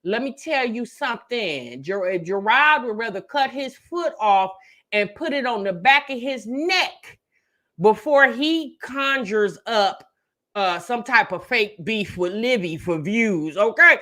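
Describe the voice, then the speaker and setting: A woman's voice: a little high, expressive, measured pace, bright, forceful tone. A woman hosting a casual livestream commentary, sassy, calling listeners baby and honey while greeting the chat.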